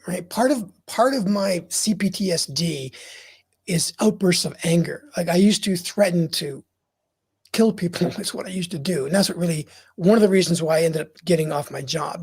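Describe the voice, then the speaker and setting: A man's voice: high-pitched, creaky, husky. A middle-aged man as an interview guest, telling his story in a frank, earnest way. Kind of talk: candid interview talk.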